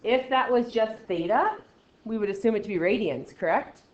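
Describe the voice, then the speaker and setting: A woman teaching a math lesson, brisk and encouraging, talking straight to her students. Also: fairly high pitch, expressive. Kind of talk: classroom lesson. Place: classroom. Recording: muffled roomy classroom recording.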